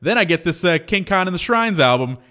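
A man's voice: sits high, lively intonation, brisk, pushed and bright. A man co-hosting a community radio show, chatting in a wry, laid-back way in a studio. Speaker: radio co-host. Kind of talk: casual on-air banter.

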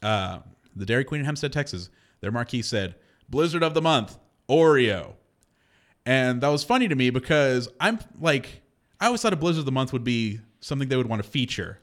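A man's voice: mid-range voice, animated, a little fast. Chatty, laughing male radio host. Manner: chatty, laughs often, rambling storyteller. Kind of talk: casual radio banter.

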